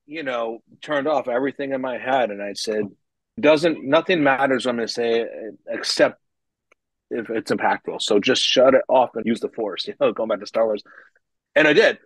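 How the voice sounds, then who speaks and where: A man telling stories from his business career in a casual podcast chat, acting out what people said with animated energy and frequent laughs. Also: medium pitch, moderate pace, dry recording, poor audio. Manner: animated, acts out quoted dialogue, frequent laughs.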